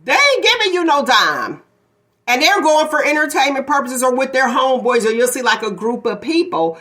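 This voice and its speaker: Blunt female talk-show host with a bright, slightly high voice and an opinionated delivery. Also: big pitch swings, normal speed. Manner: opinionated, blunt, laughs often. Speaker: podcast host. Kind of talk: casual chat.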